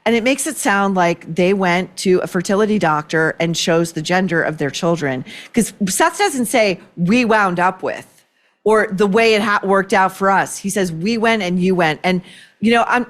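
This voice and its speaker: A woman hosting an opinion commentary show, talking in a sarcastic, indignant, worked-up way. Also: medium pitch. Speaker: podcast host.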